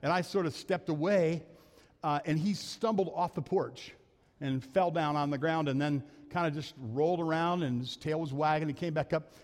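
A man's voice: on the high side, moderate pace. An older man preaching a sermon as pastor, telling earnest, folksy stories from his own life. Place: church sanctuary. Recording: long church hall reverb.

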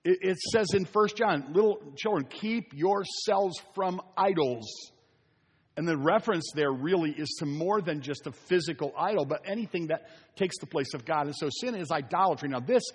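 A man's voice: on the high side, normal speed, slightly rough. A man preaching a conversational sermon, repeating key phrases for emphasis. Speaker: pastor. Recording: long hall reverb.

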